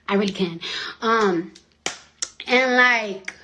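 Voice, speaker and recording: A young woman chatting on a phone live stream at home, profane and rambling, swinging from loud outbursts to hushed whispers. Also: medium pitch, extremely slow, slight background noise. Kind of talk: casual live-stream chat.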